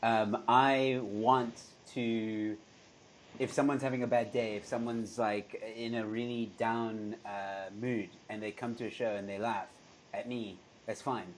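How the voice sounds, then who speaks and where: A man's voice: on the low side, little pitch movement, a little slow, slight background noise, rough recording. A man hosting a casual live stream with comedians, reading out viewer comments and laughing often. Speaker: host.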